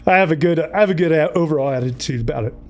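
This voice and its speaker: A man's voice: fairly high pitch, fast. A man hosting a casual livestream, upbeat and chatty, running through announcements and names. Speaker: livestream host.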